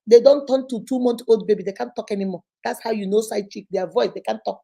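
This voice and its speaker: A woman's voice: on the high side, fast talker, creaky, few pauses. A woman with a Nigerian accent hosting a vlog, chatting casually and animatedly to her viewers. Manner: animated, preachy. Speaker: vlogger host.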